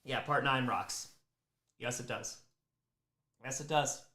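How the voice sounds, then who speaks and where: A man's voice: mid-range voice, slow, pushed and bright. A man hosting a charity livestream from home, chatting casually, fondly scolding his dog and thanking donors. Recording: roomy echo.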